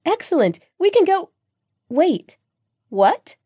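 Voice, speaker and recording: A woman voicing an excited young best friend who gushes and giggles in an audiobook. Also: very high voice, slow, dry recording, studio quality, pitched above the performer's own voice, exaggerated voice. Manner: giggly, gushing, breathless.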